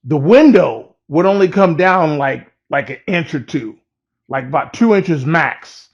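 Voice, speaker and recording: A man with a gravelly, somewhat high voice tells a personal story in a loose, laid-back way, swearing freely. The recording is dull and lo-fi. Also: expressive, unhurried. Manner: profane, laid-back, laughs at his own story. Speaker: rapper telling a personal story. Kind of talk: casual storytelling.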